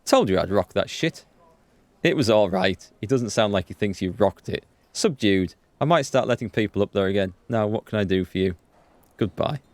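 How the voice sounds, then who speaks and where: A man's voice: on the low side, expressive, moderate pace, dry recording. A man hosting a let's play, reading game text aloud and commenting casually with frequent chuckles.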